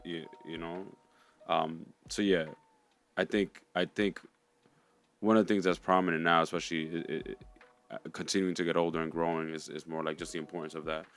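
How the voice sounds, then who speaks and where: A man's voice: low-pitched, flat delivery, fairly bright tone. A man co-hosting a reflective conversation, speaking thoughtfully with frequent restarts. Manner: thoughtful, halting, many restarts. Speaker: co-host.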